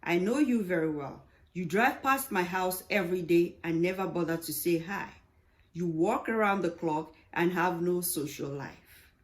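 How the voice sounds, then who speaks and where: A woman's voice: on the low side, normal speed, close to an everyday voice. A woman voicing a nosy, chatty old male neighbor who teases and rambles in a friendly way.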